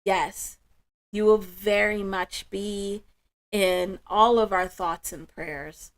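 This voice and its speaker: Woman doing a spiritual live stream, talks real slow and gentle, mid pitch, all affirmations and hugs for the chat. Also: fairly even intonation. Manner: warm, emotional, affirming, slow and soft-spoken. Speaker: livestream host. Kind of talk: spiritual livestream chat, answering viewers.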